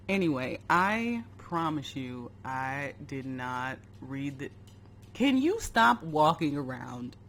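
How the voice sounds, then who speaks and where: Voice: mid-range voice, sing-song, slow, a bit bright, slight background noise. A YouTuber casually reading their own old story aloud and mocking it, laughing often and breaking off mid-line. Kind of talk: casual commentary on a story game.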